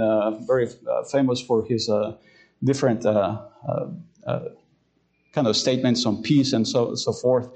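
A male pastor preaching a sermon, hesitant with fillers when telling a story and slowing down to read scripture aloud. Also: mid-range voice, a little mellow, rough recording.

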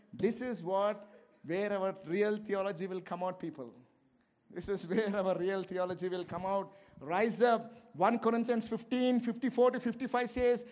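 A man preaching a sermon with passion, swinging between loud, fervent lines and quiet, low asides. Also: little pitch movement, normal speed. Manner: impassioned, swings between shouting and low asides, laughs often. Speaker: pastor.

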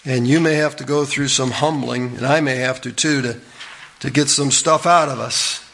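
A man's voice: mid-range voice, steady tone, normal speed, gravelly, a bit bright, slight background noise. A middle-aged man preaching a sermon in a folksy, earnest way, often asking the listeners questions.

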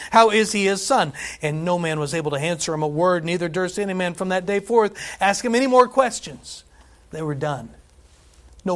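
A pastor delivers a lively sermon to his congregation in a voice that sits high for a man. He reads scripture aloud in an emphatic, drawn-out way, then shifts into easy conversational asides and laughs.

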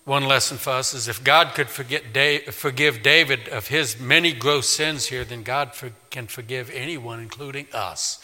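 A male pastor preaching a sermon in a church, emphatic, swinging from loud declaring to quiet pleading. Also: mid-range voice, normal speed, few pauses. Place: church sanctuary. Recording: long reverb of a large hall.

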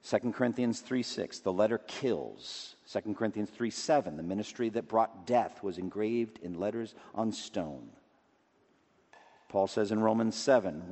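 A man preaching a sermon with emphatic delivery, rising to loud declamation and dropping low again. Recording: long reverb of a large hall.

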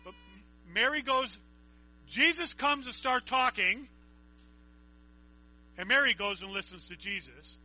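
A man's voice: very high voice, unhurried, pauses often, bright, forceful tone, poor audio. A man preaching a conversational Bible teaching, reading scripture aloud and asking his listeners questions.

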